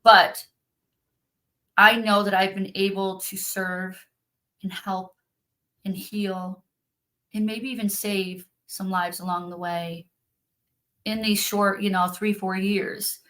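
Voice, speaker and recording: A woman's voice: mid-range voice, level tone, takes it slowly, pauses often, pushed and bright, low-quality recording. A woman who practices spiritual activation, talking casually and earnestly about her work, with many fillers. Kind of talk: casual conversational talk.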